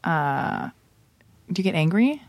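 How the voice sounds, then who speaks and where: A playful woman interviewer keeps the talk loose and teasing, with rambling questions. Her voice sits a little low. The sound is dry and close. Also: sing-song, slow, dry recording. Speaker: host. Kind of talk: casual interview chat.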